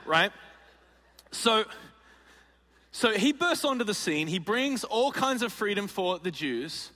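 A male pastor preaching a sermon in an animated, joking way, acting out scenes as he tells them. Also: high-pitched, big-room sound. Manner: animated and jokey, acts out scenes.

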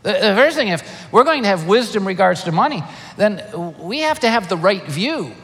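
An older man preaching a sermon, animated and emphatic, firing rhetorical questions. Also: high-pitched, moderate pace. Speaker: pastor. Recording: long hall reverb.

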